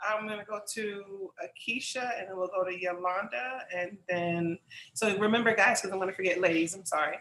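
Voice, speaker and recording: A woman's voice: mid-range voice, fairly quick, fairly bright tone, a little hiss or hum, rough recording. A woman host moderating a group video call, calling on the next participants.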